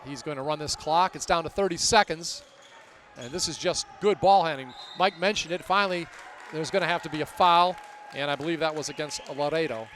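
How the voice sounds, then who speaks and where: A man announcing a basketball game play by play, getting loud and excited during plays. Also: a little high, fairly quick, a faint crowd, a little hiss or hum. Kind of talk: live basketball commentary.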